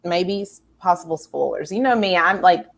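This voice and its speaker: A woman's voice: on the low side, moderate pace, vocal fry. Rambling, enthusiastic woman host. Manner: enthusiastic, rambling, many fillers and restarts. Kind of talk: casual pop culture chat.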